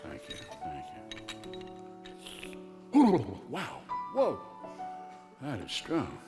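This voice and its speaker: A man playing a bashful, earnest northern suitor in a live radio comedy sketch, talking in a mild, hesitant, deadpan way. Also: medium pitch, extremely slow, over music, exaggerated voice. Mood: hapless. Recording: live stage with audience.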